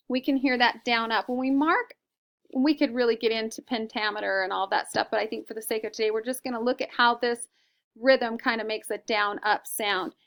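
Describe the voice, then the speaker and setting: A woman with a slightly high voice teaches a recorded lesson. She explains step by step in a patient way and keeps checking in with her listeners. Her delivery stays clear and instructive. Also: fairly bright tone.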